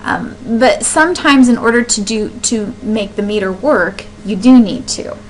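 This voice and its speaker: A woman teacher explaining poetry step by step, sounding words out slowly to show where the stress falls. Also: on the high side, a little hiss or hum, low-quality recording. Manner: explains step by step, with fillers and restarts. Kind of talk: classroom lesson on poetry.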